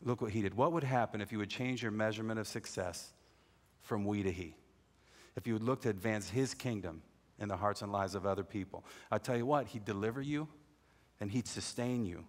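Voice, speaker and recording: A man's voice: fairly low pitch, a little fast. A middle-aged man preaching a sermon earnestly, repeating his key phrases for emphasis. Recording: long reverb in a large hall.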